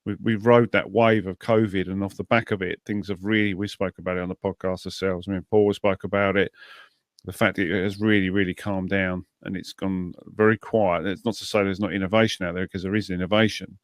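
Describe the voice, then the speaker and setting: A man with a low voice co-hosts a casual podcast. He rambles and circles back as he talks. The sound is dry and close. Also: level tone, brisk, dry recording. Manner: hesitant, rambling restarts. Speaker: podcast co-host.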